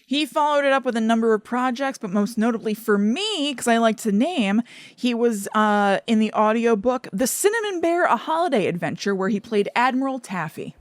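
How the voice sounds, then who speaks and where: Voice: mid-range voice, expressive, moderate pace, dry recording. Laid-back podcast co-host, dry delivery. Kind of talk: casual movie review chat.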